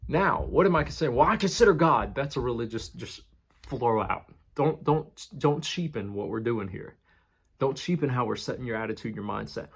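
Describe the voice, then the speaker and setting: A man's voice: medium pitch, normal speed, creaky, husky. A male pastor giving a casual, conversational sermon and stressing key words by repeating them. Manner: conversational, emphatic with repetition. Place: church in New York City.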